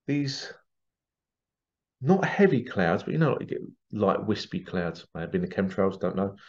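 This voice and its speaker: A man's voice: mid-range voice, darkish tone. A man from England telling a rambling, casual story in a monologue, full of restarts and asides. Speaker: spiritual channel host. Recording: dull lo-fi sound.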